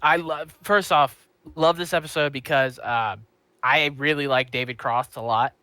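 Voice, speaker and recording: A man's voice: mid-range voice, fairly even intonation, normal speed, sharp tone, no room sound. A man co-hosting a casual podcast, rambling through an episode recap with many ums and self-corrections. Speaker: podcast co-host. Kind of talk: casual chat.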